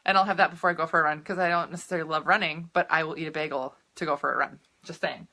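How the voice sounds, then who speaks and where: A woman's voice: sits low, steady tone, fast talker, pushed and bright. A woman nutrition coach talking casually on a live video, chatty and upbeat, laughing and drifting into tangents as she answers viewers' comments.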